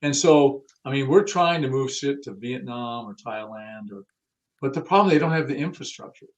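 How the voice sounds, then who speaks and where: On a muffled recording, a man with a mid-range voice speaks at normal speed about the car audio industry in an interview. Frank and informal, he curses at times and dramatizes the dialogue of those he quotes.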